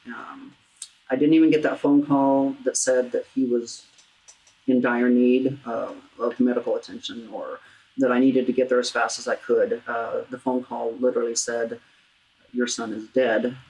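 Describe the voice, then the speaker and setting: Brief: low-voiced female host, earnest and halting, interview on grief. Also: steady tone, dark tone, low-quality recording. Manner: earnest, halting, with many restarts. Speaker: talk show host. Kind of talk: heartfelt interview about grief.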